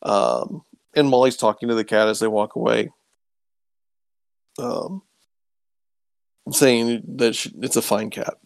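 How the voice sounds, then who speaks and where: A man's voice: medium pitch, slow pace, gravelly, long pauses, dry recording. A man casually recapping an episode, rambling with ums and acting out quoted lines. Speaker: podcast co-host recapping a show. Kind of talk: casual chat.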